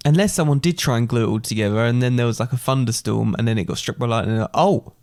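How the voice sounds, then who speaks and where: A man's voice: mid-range voice, very fast, a little mellow. A man co-hosting a casual podcast chat, cracking dry, teasing jokes. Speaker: podcast co-host.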